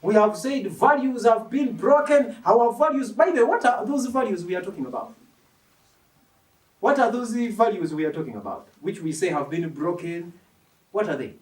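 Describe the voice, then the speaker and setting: A man's voice: high voice, normal speed. A man preaching a sermon who quizzes the congregation and drives his points home with emphasis. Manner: animated, emphatic, asks the congregation questions. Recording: echoey hall, mic from a distance.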